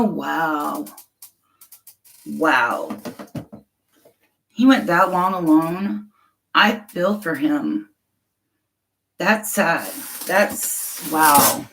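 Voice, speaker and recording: A middle-aged woman speaks casually into her phone or webcam on a livestream, answering viewers. Her voice sits a little low, and she is frank, outspoken and openly emotional, often laughing between thoughts. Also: creaky, a bit bright, a little hiss or hum, rough recording. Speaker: livestream host chatting with viewers.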